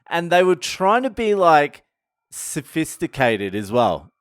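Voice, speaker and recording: A man's voice: on the high side, sing-song, takes it slowly, no room sound, clean studio sound. A young man, telling a crude, mocking story to camera with heavy swearing. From Australia. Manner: crude, sweary, mocking, laughs at his own jokes. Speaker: vlogger. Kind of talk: profane storytelling rant.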